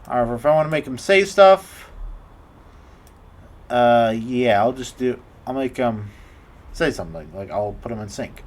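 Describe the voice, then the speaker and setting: A man's voice: mid-range voice, animated, normal speed, long pauses. A man casually narrating a tutorial over his screen recording, rambling and hesitant with many restarts. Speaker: video creator explaining his process.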